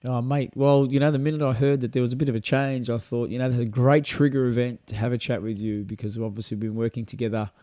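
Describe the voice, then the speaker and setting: A man's voice: medium pitch, little pitch movement, fast, hardly any pauses, dark tone, no room sound. A man, a podcast guest chatting in an upbeat, friendly way. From Australia. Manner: upbeat and friendly, calls people mate. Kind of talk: casual podcast chat.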